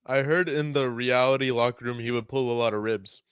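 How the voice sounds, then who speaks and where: A man with a smooth, clear voice asks questions in a casual interview. The sound is dry and close. He keeps his lines short and matter-of-fact. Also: mid-range voice, brisk, a bit bright, no room sound. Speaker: podcast host, interviewer.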